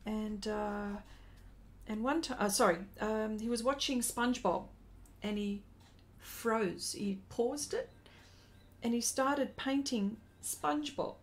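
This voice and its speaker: A woman's voice: a little high, slow pace. A woman in her forties telling a rambling story during a casual live stream as an artist and host, breaking off to greet viewers.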